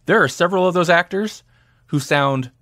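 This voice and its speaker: A man's voice: sits high, normal speed, no echo, clean studio sound. A man co-hosting a podcast, chatting casually and animatedly about films. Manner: chatty, animated, laughs often. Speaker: podcast co-host. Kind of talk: casual movie review chat.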